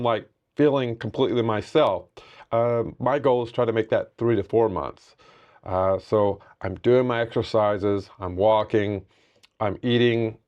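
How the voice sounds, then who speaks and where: A man's voice: on the low side, a little mellow, lo-fi sound. A man giving a candid, reflective personal update in a talking-head vlog. His tone is determined, and he often restarts his sentences. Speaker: vlogger sharing a personal health update.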